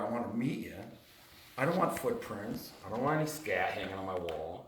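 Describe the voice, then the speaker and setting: A man telling a rambling, animated story to a small group in casual chat, laughing often. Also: fairly low pitch, fast talker. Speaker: retreat guest telling his story. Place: home on a mountain top. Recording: roomy sound from far off.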